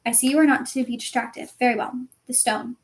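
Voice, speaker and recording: Dumbledore, a woman voicing a calm old headmaster. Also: a little high, brisk, close to an everyday voice. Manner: calm, gentle, dry humour. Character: kindly old male headmaster, calm and gently amused.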